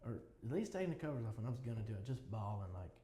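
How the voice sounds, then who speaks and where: A man's voice: fairly low pitch, very animated, racing, mellow. A man as a podcast guest, talking in a casual interview with earnest, reflective storytelling. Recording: roomy echo with faint ambience.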